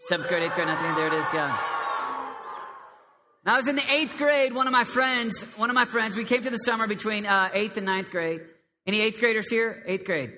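A man preaching a lively sermon to a young congregation, with a high, squeaky voice, swinging between loud emphasis and hushed prayer. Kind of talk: live sermon to a youth congregation. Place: large hall with a live crowd. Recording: long hall reverb.

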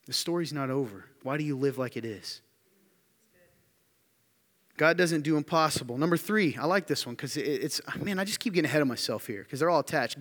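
A man preaching a sermon to a room, firing emphatic questions and dropping to quiet asides. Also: fairly high pitch. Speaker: pastor. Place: church hall with audience. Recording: long hall reverb.

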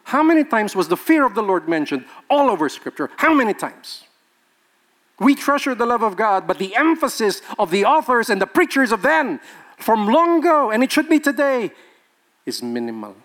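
A man's voice: very high-pitched, big pitch swings, normal speed, fairly bright tone. A male pastor, preaching a sermon with emphatic rhetorical questions and laughing with the congregation.

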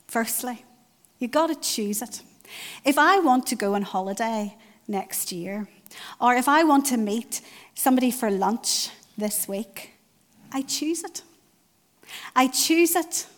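A middle-aged woman giving a conversational sermon, driving points home by repeating them. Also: fairly high pitch. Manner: conversational, emphatic repetition. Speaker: church speaker.

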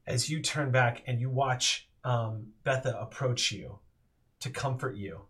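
A man running a tabletop role-playing game as game master, narrating slowly and descriptively with pauses. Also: medium pitch, a bit bright. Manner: slow, descriptive storytelling with pauses.

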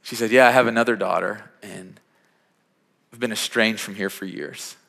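Church pastor preaching in a reverberant hall. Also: male voice, on the low side, steady tone, moderate pace, creaky. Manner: conversational, repeats words when starting phrases, builds to louder emphatic peaks. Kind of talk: sermon with personal story. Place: church sanctuary.

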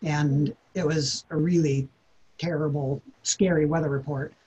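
A man's voice: fairly high pitch, steady tone, unhurried, a little mellow, slightly rough, dull audio. A man, a podcast guest, telling a personal story in an earnest, reflective way, often repeating words as he thinks.

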